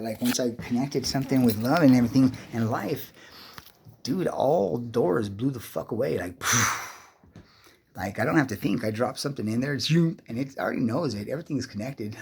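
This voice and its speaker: Here the same kind of profane, wandering personal monologue comes from a fifties-aged man whose mid-range voice sounds a little mellow. He keeps cursing and starting sentences over, and the recording has a bit of hiss or hum.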